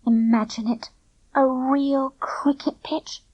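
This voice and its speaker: A woman's voice: sits high, animated, moderate pace, no echo, highs cut off, pitched above the performer's own voice. A woman reading a storybook, voicing a plump, clumsy young boy who whines and pleads. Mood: eager. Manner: breathless, pleading, complaining.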